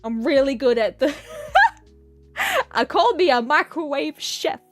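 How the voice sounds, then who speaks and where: Young woman streamer, high and very lively, playful rambling chat. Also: slow pace, faint music behind. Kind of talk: casual chat reading viewer comments.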